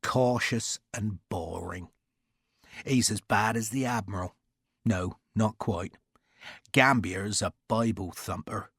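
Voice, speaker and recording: A man plays a hearty naval captain with a rich Devonshire accent, affable and chatty. The voice is slightly raised, with a husky grain, and it is recorded dry and close. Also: fairly low pitch, slow pace, a bit bright, dry recording, exaggerated voice. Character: cheerful, warm-hearted male naval captain.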